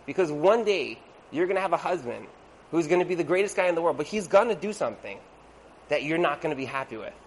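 Animated storytelling man, slightly high voice. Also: quick pace, slight background noise, poor audio. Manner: animated storyteller who acts out the people in his stories; conversational, with frequent "like" and asides. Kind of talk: storytelling talk to an audience.

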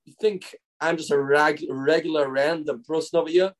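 A man voicing an arrogant, quick-tempered pious man who indignantly shouts outraged questions. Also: on the high side, steady tone, natural voice.

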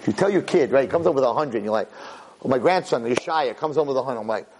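A man teaching a Torah class, animated, jumping high when he acts out a yelling parent. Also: fast, slight background noise. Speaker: Torah lecturer. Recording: long hall reverb.

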